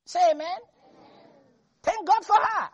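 A man preaching a sermon, swinging between hushed asides and loud, animated exclamations. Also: very high-pitched, slow, lo-fi sound.

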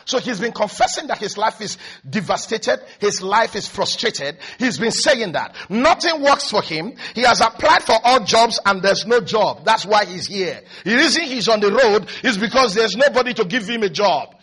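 A male preacher delivering a lively sermon, acting out what people say with big swings in his voice. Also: normal speed, hardly any pauses, breathy edge. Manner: animated, acting out quotes with big pitch jumps.

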